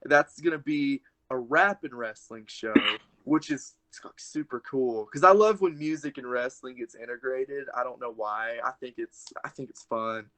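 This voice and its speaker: A man's voice: medium pitch, unhurried, hardly any pauses, a bit bright. A young man, a wrestler guest, chatting casually on a podcast and telling a rambling story full of "like"s.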